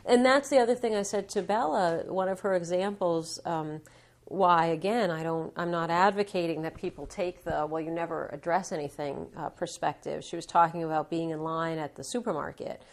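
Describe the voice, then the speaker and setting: A woman's voice: on the low side, normal speed. A woman being interviewed as an author in a TV studio, explaining her ideas fluently and acting out little examples. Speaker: author and guest. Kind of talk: interview conversation. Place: local TV studio.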